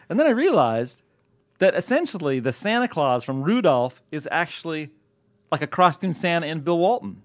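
A man's voice: on the high side, big pitch swings, fairly quick, no echo, studio quality. A man hosting a podcast in casual, jokey banter, self-mocking and laughing often. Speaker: podcast host.

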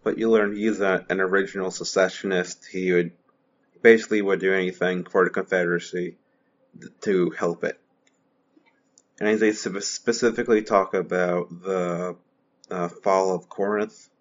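A man's voice: sits low, steady tone, normal speed. A man in a casual literary discussion who talks in a chatty, hesitant way with many fillers. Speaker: discussion co-host. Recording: dull lo-fi sound.

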